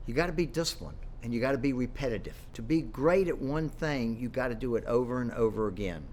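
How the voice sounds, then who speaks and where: A man's voice: medium pitch, slight background noise. A man, an entrepreneur, telling his personal story to the camera and acting out the voices of people in it. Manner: animated storyteller acting out quoted dialogue.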